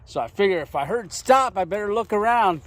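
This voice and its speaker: A man's voice: sits high, expressive, fairly quick, dry recording. A man talking to his camera while hiking outdoors in desert hills, chatty and laughing often. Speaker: travel vlogger. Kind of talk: casual vlog commentary while hiking.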